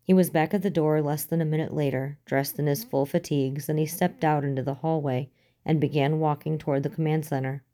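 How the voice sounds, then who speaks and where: Woman reading a story audiobook style, low voice, mellow and warm, steady. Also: brisk. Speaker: narrator. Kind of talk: audiobook reading of fan fiction.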